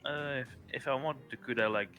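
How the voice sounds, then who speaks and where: A man playing a tabletop game, asking the game master questions in a quiet way. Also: medium pitch, brisk, dull audio. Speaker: player. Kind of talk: casual tabletop gaming chat.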